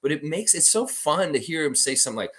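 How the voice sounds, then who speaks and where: Animated man hosting a sports livestream. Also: on the high side, quick pace. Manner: rambling, reads viewer comments aloud. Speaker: livestream host. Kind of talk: casual live-stream sports talk.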